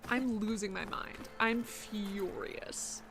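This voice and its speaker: A woman's voice: medium pitch, steady tone, slow, over music. A woman streaming a video game, ranting in dramatic exasperation. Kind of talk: live game stream commentary.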